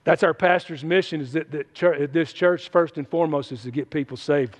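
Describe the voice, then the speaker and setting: A man preaches a folksy, emphatic sermon in a high-pitched voice. His words ring out with the long reverb of a church hall. He often drops into quiet, confiding asides. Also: normal speed, highs cut off.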